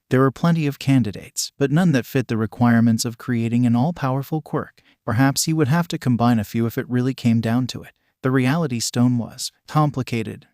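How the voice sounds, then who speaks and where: A man at a middle pitch reading a fan fiction story aloud. His delivery is even and steady, and the recording is dry and close to the mic. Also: no room sound. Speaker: narrator.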